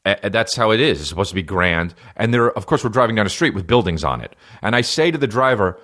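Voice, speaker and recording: A man in his thirties from New Jersey tells stories on his comedy podcast. His voice sits fairly low and he talks loosely, swearing often. His delivery is laid-back, with plenty of fillers and tangents. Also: lively intonation, a little fast, hardly any pauses, fairly bright tone. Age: 30s. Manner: rambling, profane, laid-back storytelling. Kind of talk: casual comedy monologue.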